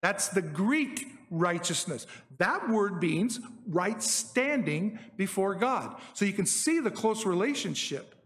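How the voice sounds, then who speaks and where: High-voiced man teaching in a reverberant hall. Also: sing-song, slow, hardly any pauses, fairly bright tone. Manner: explanatory, conversational, frequent "okay?" check-ins. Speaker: Bible teacher. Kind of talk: Bible teaching on Hebrew words.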